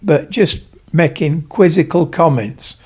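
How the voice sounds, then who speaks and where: An older retired man with a Yorkshire accent, chatting as a podcast guest and telling stories with lively quoted voices. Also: a little high, slow pace, slightly rough. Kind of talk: casual chat.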